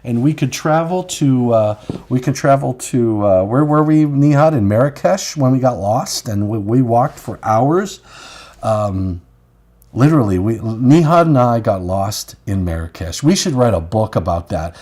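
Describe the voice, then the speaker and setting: A man's voice: mid-range voice, expressive, a little slow, mellow. A man hosting a live online show, chatting casually and rambling through stories with frequent laughs. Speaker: host. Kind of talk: casual live-stream chat.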